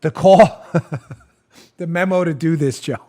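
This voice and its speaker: A man in his forties hosting a talk show, ranting with animated, mocking humor and frequent laughter. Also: on the high side, slow, slight background noise. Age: 40s. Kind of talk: comedic political talk.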